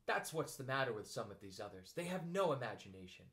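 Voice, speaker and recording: A man voicing a gloomy, grumbling old male donkey in a storybook reading, slow and mournful. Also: medium pitch, very animated, fairly bright tone.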